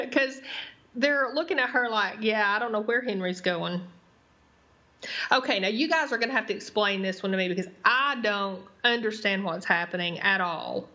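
A woman's voice: mid-range voice, normal speed, sharp tone. Woman, podcast co-host, casual recap chat, hesitant, muffled lo-fi audio. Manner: hesitant, lots of "I mean" and "I don't know".

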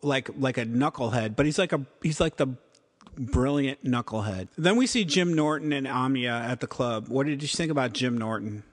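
A man's voice: mid-range voice, expressive, moderate pace, long reverb tail. A man co-hosting a casual chat about TV episodes, rambling and acting out quotes. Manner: rambling, acts out quotes, frequent "like". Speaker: podcast co-host.

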